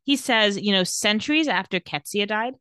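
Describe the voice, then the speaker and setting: A playful woman in casual podcast chat, retelling scenes from a show and slipping into the characters' lines with a laugh. Her pitch sits in the middle of the usual range. The mic is close and dry, with no room sound. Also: animated, a bit bright, clean tone, no echo. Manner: playful, quick to laugh, acts out quotes lightly. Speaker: podcast co-host recapping a TV episode.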